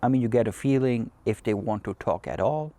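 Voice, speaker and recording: A man's voice: mid-range voice, brisk, dark tone, no echo. A man hosting a cigar show, talking in a loose, rambling way with many fillers and restarts. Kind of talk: casual chat.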